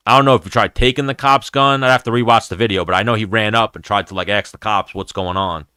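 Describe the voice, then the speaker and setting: Talking fast with a sharp, smooth tone at fairly low pitch, this MMA livestream host rambles through casual fight talk, cursing freely as he chats with his audience. The studio-quality recording has no room sound.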